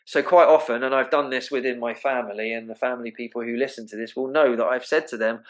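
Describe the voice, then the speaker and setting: A man's voice: mid-range voice, steady tone, fast, hardly any pauses, low-quality recording. A man, an osteopath and naturopath speaking earnestly and emphatically as an interview guest. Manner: earnest, emphatic, explains with acted-out examples. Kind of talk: interview conversation.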